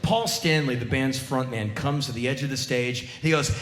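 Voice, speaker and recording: A man in his forties giving an animated live spoken word monologue on a theater stage, with sudden loud outbursts. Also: medium pitch, normal speed. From United States. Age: 40s. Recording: roomy live theater sound.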